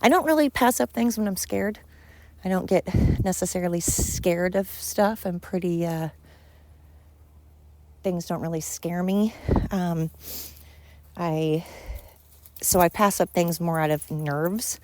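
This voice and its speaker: Walking outside and a little out of breath, this podcast host speaks slowly, leaving long pauses. Her pitch sits fairly low with a darkish tone. She rambles earnestly and casually, stressing points and using plenty of fillers.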